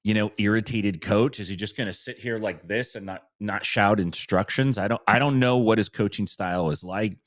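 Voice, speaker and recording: A man with a deep, low voice co-hosting a podcast. He muses in a measured, slightly hesitant way. The sound is dry and close. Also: no echo. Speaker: podcast co-host. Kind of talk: casual podcast chat.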